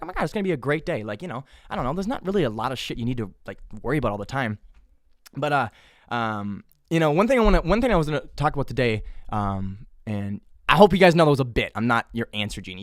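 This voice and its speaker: A man's voice: on the high side, no echo, studio quality. A young man hosting his own podcast, talking casually in a rambling way, swearing often and mocking himself in a whiny voice. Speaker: podcast host. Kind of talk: casual solo podcast monologue.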